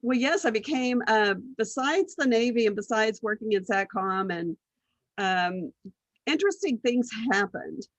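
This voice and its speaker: At a fairly high pitch and a slightly slow pace, a middle-aged business strategist recounts her life's stories as an interview guest, voicing other people and laughing often. The low-quality recording has no echo.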